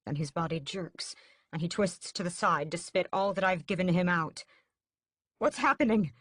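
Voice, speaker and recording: Woman audiobook narrator, lowish voice, dry close sound, steady dramatic read. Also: moderate pace, no echo. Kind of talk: first-person audiobook narration.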